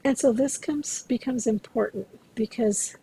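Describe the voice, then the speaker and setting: Woman lecturer, recorded class, mellow voice with some fry, steady explanatory delivery. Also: fairly high pitch, a little hiss or hum, low-quality recording. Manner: explanatory, measured, addresses students directly. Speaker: interpreting instructor.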